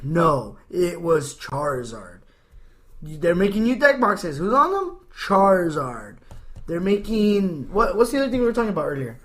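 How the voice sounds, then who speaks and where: Animated ranting podcast host, a man. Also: a little high. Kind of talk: casual podcast chat.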